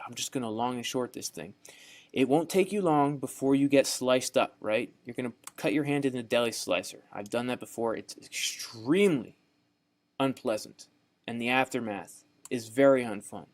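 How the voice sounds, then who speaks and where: A young man with a Southern US accent narrates a screen-share trading course at a moderate pace and medium pitch. His teaching is folksy and repetitive, and he keeps checking in with "right?"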